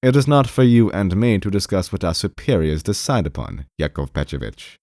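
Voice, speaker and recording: A man's voice: sits low, very animated, brisk, darkish tone, no echo, studio quality. A man doing a stern, reproving official. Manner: stern, emphatic. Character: stern older male official, curt and reproving.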